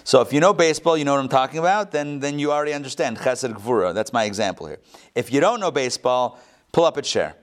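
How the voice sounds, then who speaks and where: A rabbi giving a live Torah class, animated, with joking asides and quick self-corrections. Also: male voice, medium pitch.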